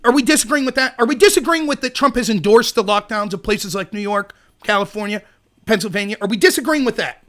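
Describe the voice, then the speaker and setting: A man with a very high, bright voice hosts a political livestream. He rants with heat and sarcasm and picks fights with people in his chat. His tone stays sharp and forceful throughout. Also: fast talker. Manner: heated, sarcastic, argues with chat viewers. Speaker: show host.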